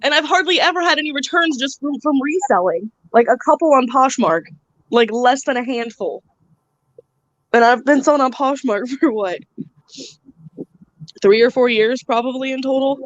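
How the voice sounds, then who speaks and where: A woman's voice: sits high, moderate pace, long pauses. A woman hosts a casual live stream, venting in a loose, profane way with frequent laughter. The sound is muffled and lo-fi, and the room is dry, with no echo. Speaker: channel host.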